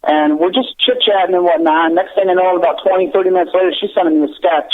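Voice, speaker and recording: A man who writes children's books, talking earnestly as a radio guest with many halting restarts. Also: high-pitched. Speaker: children's book author, guest. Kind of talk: casual interview chat. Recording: tinny phone line.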